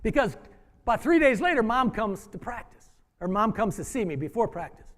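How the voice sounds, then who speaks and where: A former wrestling coach telling a story to an audience, acting out the dialogue in an animated way. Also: male voice, sits high, fairly quick. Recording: hall reverb.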